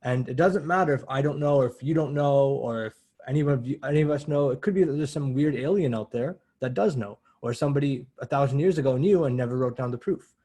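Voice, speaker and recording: Man lecturing on math, mellow tone, slightly husky, casual and self-correcting. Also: medium pitch, fast talker. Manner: conversational, self-correcting, explains step by step. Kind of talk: university lecture.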